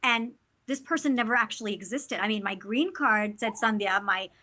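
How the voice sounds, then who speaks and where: A woman actor speaks as an interview guest in a loose, animated way. Her tone is bright and forceful. She fills her talk with "you know" and starts sentences over and over. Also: on the high side, normal speed. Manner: animated, chatty, many fillers.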